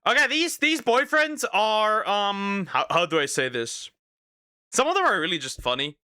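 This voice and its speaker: A male streamer reacting out loud to clips, his voice sharp and very bright and a touch high. His pitch leaps around animatedly while he laughs and stammers, repeating phrases as he thinks. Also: big pitch swings, moderate pace, smooth, no room sound, studio quality. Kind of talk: casual reaction commentary.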